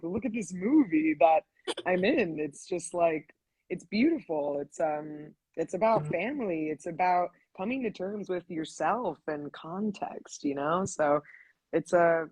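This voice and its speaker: Husky, chatty young woman. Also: on the low side, dry recording. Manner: animated, chatty storytelling with many fillers. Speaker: voice actress guest. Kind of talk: casual live-stream interview.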